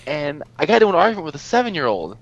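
A man telling a story in casual chat, animated and exasperated, swearing freely and laughing often as he talks. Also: on the high side, racing, vocal fry, highs cut off. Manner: laughs often while talking. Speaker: podcast co-host telling a story.

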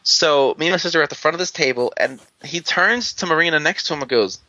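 A man with a bright, forceful voice tells a long, rambling story over casual chat, stumbling through fillers and restarts and chuckling along the way. The recording is dull and lo-fi, with a dry, close sound. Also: fairly high pitch, quick pace, no echo.

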